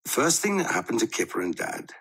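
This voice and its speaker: A man reading a children's storybook aloud in an expressive, animated way. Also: mid-range voice, a little fast, slightly rough.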